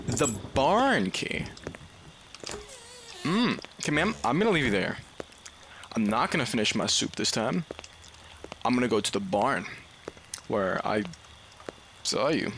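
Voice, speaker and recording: A man giving casual let's play commentary, chatting to game characters and yelping and shouting when something startles him. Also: medium pitch, a little slow, long pauses, a little hiss or hum. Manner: excitable, yelps and shouts at scares. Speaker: gaming video creator.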